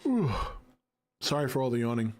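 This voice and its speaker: A laid-back man in his forties chats casually on a livestream. He reads viewer comments aloud and answers them with easy jokes, at a middle pitch. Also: normal speed, a little mellow. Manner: laid-back, jokey, reacts to chat. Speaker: livestream host reading chat. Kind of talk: casual chat.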